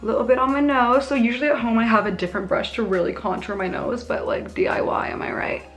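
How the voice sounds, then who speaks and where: A woman's voice: fairly high pitch, fairly even intonation, fast talker, soft background music. Chatty young woman doing makeup tutorial. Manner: chatty, bubbly, self-mocking asides. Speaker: beauty vlogger.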